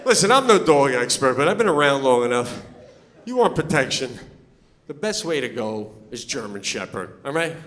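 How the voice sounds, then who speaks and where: A man performing stand-up comedy on stage, telling stories in a loud, animated way and yelling his punchlines. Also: medium pitch, moderate pace, long reverb tail. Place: comedy stage before a live audience.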